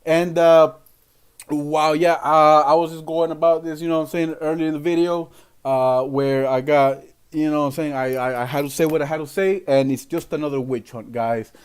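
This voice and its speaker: A man's voice: fairly high pitch, fairly even intonation, moderate pace, clear, resonant tone. A man from Venezuela, hosting a ranting political livestream in an emphatic, rambling way with lots of fillers.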